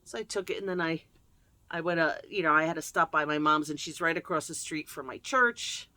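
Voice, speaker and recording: A woman chatting casually to camera as host, jokey and lively, laughing often. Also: low-pitched, brisk, dry recording. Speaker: self-help video host.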